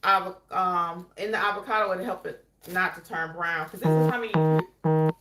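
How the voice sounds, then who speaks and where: A woman's voice: lowish voice, steady tone, normal speed. Chatty woman vlogging in a roomy kitchen. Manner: chatty, addresses viewers as y'all. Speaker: cooking vlog host. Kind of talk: casual cooking demo chat. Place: home kitchen.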